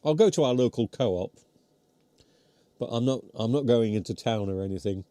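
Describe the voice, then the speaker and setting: A man's voice: mid-range voice, moderate pace, mellow, dry recording. A British man hosting a live stream, chatting casually while chewing, rambling and poking fun at himself, his voice getting worn. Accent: British English. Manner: rambling, chatty, self-deprecating. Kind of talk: casual live chat reading comments. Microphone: close mic near mouth.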